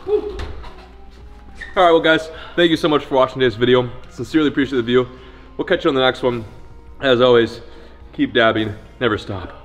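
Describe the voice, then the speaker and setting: A man's voice: medium pitch, normal speed, long pauses, faint music behind. A young man hosting a fishing vlog outdoors, chatting casually and joking crudely. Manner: joking, crude, hype outro. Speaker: fishing channel host.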